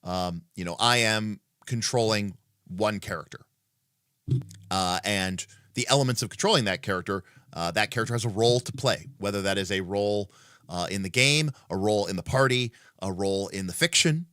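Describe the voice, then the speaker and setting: A man's voice: fairly low pitch, normal speed, a bit bright, clean tone, no echo, clean studio sound. A man hosting a casual livestream who thinks aloud, with many fillers and restarts, in an emphatic, opinionated way. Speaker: livestream host.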